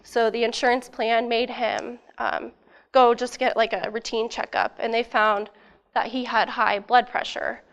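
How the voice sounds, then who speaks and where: Chatty young woman presenting, slightly high. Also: little pitch movement, a little slow. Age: young adult. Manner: casual, many fillers, eager. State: losing her voice. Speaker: student presenter. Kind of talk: academic presentation.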